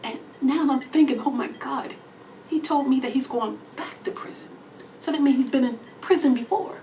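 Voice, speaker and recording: A woman with a Texan accent tells a long comic story on a club stage, her voice dropping to near-whispers and then bursting out loud. She sits a bit back from the microphone, and faint room ambience hums behind her. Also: high-pitched, normal speed, far from the mic, slight background noise, rough recording. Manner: animated storytelling with swings between whispers and loud exclamations. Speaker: comedian. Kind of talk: storytelling stand-up solo show.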